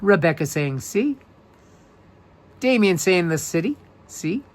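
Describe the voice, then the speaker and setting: Hosting a live trivia stream, a New York man talks slowly in a high-sitting voice with big pitch swings. He reads viewer answers cheerfully, says each question twice, and greets viewers by name.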